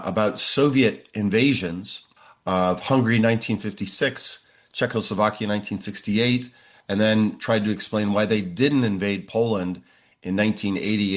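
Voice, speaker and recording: A man in his sixties, a professor answering interview questions in a measured way, often pausing on "uh". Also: fairly low pitch, fairly bright tone. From United States. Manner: measured, frequent "uh" fillers.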